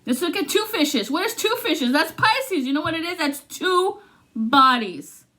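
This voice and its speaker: A woman giving a casual, profane tarot reading, swinging between loud outbursts and low muttering. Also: lively intonation, measured pace. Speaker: tarot reader.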